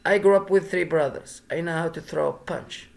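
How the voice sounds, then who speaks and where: A man's voice: on the high side, normal speed, creaky. A man reading the lines of a blunt young woman with cancer, in a dry, sardonic way.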